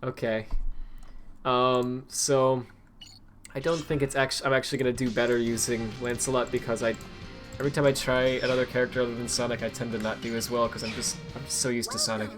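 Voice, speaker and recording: A young man giving loose, casual commentary over a game stream, rambling and correcting himself mid-sentence. His voice sits at an ordinary pitch, and game music plays clearly behind him. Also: little pitch movement, fairly quick. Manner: rambling, filler-heavy, self-correcting.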